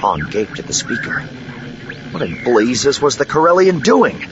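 A man narrating an audiobook in an expressive, dramatic reading. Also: mid-range voice, a little slow. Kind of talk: scripted narration. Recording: dull lo-fi with steady noise.

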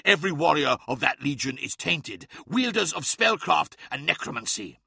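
A man voicing a hot-tempered barbarian warlord who speaks in a loud, gravelly growl. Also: fairly high pitch, big pitch swings, normal speed, no room sound, studio quality, exaggerated voice. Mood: angry.

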